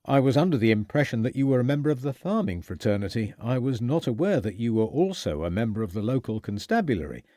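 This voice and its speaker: A man voicing a calm detective who speaks in a measured, courteous way. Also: medium pitch, dry recording, clean studio sound, natural voice.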